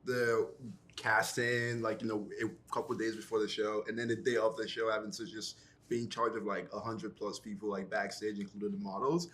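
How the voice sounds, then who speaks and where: A man's voice: fairly low pitch, little pitch movement, moderate pace, fairly bright tone. A young man, a fashion show organizer on a reality series, telling a story animatedly in a casual interview, with many fillers. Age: young adult.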